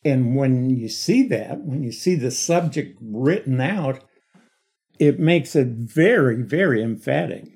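Teaching a Bible study, a middle-aged man speaks at medium pitch in an expressive, husky voice with a darkish tone. He goes slowly and repeats key words for emphasis.

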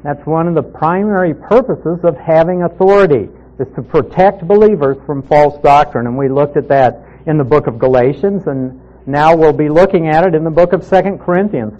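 A man leads a Bible study, first reading a passage and then explaining it step by step. His voice sits a little high but sounds mellow and relaxed. The recording is somewhat dull and lo-fi. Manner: steady, methodical teaching with reading aloud. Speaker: Bible teacher.

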